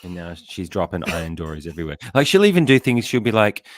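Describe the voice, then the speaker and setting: A middle-aged man with a very low, deep voice, chatting casually as a podcast host. He rambles easily and breaks into laughter often. The sound is dry and close. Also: big pitch swings, quick pace, no room sound.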